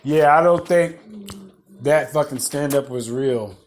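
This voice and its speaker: A man's voice: medium pitch, a little slow. A man hosting a podcast, rambling through casual stories, swearing freely and laughing at himself. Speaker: podcast host. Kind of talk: casual storytelling monologue.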